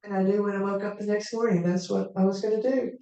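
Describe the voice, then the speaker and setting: A woman storyteller telling a tale in the first person as a character, in an unhurried, conversational way with asides to the audience. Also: medium pitch, steady tone, creaky, warm tone, highs cut off. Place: live performance venue. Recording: echoey hall, mic far off.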